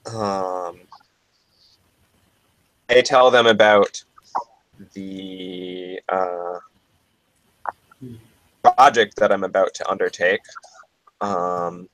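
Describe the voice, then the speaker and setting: A man with a low voice takes his turn at a tabletop game, musing aloud and checking rules as he goes. The sound is dry and close. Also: fairly even intonation, very slow, long pauses, fairly bright tone, no echo, poor audio. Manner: thinking aloud, questioning. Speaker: player.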